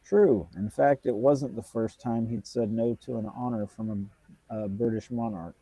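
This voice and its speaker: Husky guy with a warm dark voice reading trivia, dry sound. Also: medium pitch, fairly even intonation, normal speed, no room sound, rough recording. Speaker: show co-host. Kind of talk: reading music trivia in casual chat.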